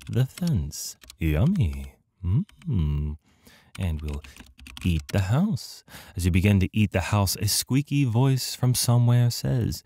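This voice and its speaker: A low-pitched, dark-toned man records let's play commentary for an adventure game. He's jokey and self-mocking, and he reads the game text aloud.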